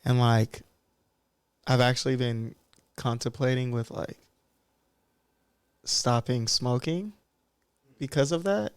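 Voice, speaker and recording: Slow and smooth, with frequent pauses, this medium-pitched man in his thirties chats casually as a podcast guest. A barber, he speaks candidly and reflectively in a loose manner, and the recording is dry.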